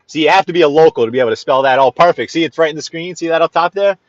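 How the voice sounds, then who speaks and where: A man with a New York accent chatting to viewers while driving, greeting them by name and often clearing his throat. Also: on the high side, rapid-fire, dry recording, muffled recording. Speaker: livestream host driving. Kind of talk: casual live-stream chat while driving. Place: inside a car on city streets.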